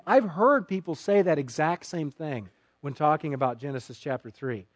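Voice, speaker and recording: A man preaching a sermon as pastor, sarcastic and animated, acting out mock quotes from people he disagrees with. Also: fairly high pitch, normal speed, no room sound.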